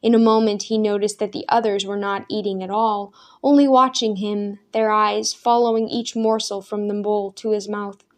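Woman narrating a story, measured and even. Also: medium pitch. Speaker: audiobook narrator. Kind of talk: scripted narration.

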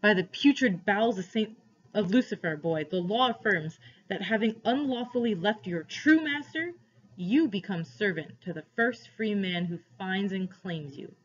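A woman voicing a big, gruff bearded man who booms stern, mocking questions, in a dull lo-fi recording. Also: animated, moderate pace. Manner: booming, demanding questions.

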